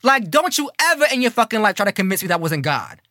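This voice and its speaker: A man telling a personal story in a casual, animated way, swearing often and swinging between fast bursts and dramatic pauses. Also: high voice, no echo, clean studio sound. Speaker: coding program student telling a story.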